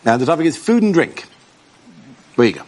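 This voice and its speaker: A man hosting a comedy panel show, introducing the rounds in a brisk, upbeat way. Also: a little high, big pitch swings, a little mellow. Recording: noisy studio with an audience.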